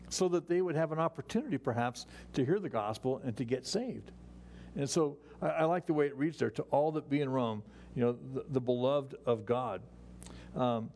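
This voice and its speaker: A man teaching a Bible study as a pastor, in a relaxed, conversational way with frequent restarts and asides. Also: mid-range voice, slight background noise. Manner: relaxed and chatty, many "you know"s and restarts, chuckles.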